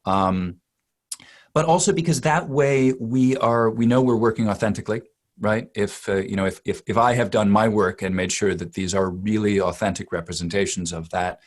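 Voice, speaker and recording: A man's voice: lowish voice, moderate pace. A man working as a dialect coach, giving long, emphatic expert answers in an interview and often repeating words as he builds a point.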